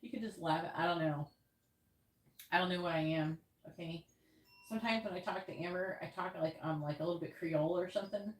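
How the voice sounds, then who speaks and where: Chatty low-voiced woman, roomy and distant. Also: fairly quick. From New York. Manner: rambling, chatty, laughs often. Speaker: tarot reader hosting a livestream. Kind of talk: casual livestream chat. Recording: roomy sound, distant from the mic.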